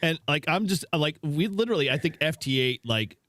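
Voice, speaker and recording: A man's voice: on the high side, lively intonation, a little fast, a bit bright, dry recording. A man co-hosting a casual live stream chat, telling stories loosely with lots of fillers. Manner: rambling storytelling with many fillers and laughs.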